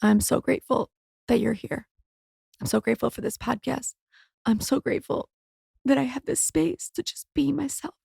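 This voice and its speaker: High, heavily gravelly woman in her thirties. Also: normal speed, a little mellow, dry recording, studio quality. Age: 30s. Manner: heartfelt and emotional, swears casually. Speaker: podcast host. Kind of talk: personal podcast monologue.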